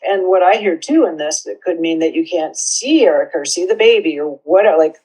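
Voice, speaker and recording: A woman therapist guiding a session in a gentle, measured, coaxing way. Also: on the low side, husky, poor audio.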